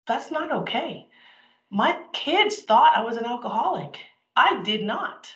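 A woman's voice: fairly high pitch, expressive, measured pace. Candid middle-aged woman giving a talk. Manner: candid and emphatic, acting out quotes. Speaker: speaker. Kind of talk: motivational talk. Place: event hall. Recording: roomy, dull lo-fi sound.

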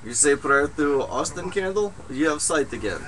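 A man playing a grandiose, deadpan male foreign psychic who speaks broken English and drops articles. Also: fairly high pitch, moderate pace. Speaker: comedy performer. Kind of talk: improvised comedy skit.

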